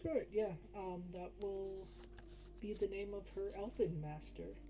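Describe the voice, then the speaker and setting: A woman playing a tabletop role-playing game, thinking aloud with pauses and fillers while she makes up details for her character. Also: medium pitch, dark tone, slight background noise, poor audio. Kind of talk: casual tabletop game chat, partly in character.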